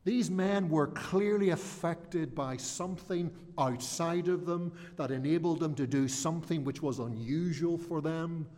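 A middle-aged man with an Ulster accent preaches at an unhurried, deliberate pace. His voice sits a little high for a man, and it rings with a long reverb as if filling a church hall. He speaks earnestly and at times stumbles over repeated words. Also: a little mellow. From Northern Ireland. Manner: earnest, repeats words when searching for a phrase. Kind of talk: expository sermon.

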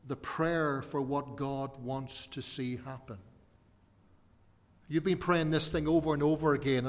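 A man preaching a sermon, posing rhetorical questions and shifting his emphasis. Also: on the high side. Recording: long hall reverb.

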